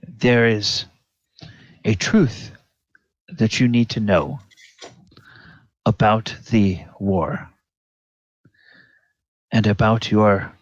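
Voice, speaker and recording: A grave older general who delivers heavy news in a formal, solemn way, as a man acts him out. The voice is deep and very slow, and the sound is dry. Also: steady tone, dry recording, highs cut off.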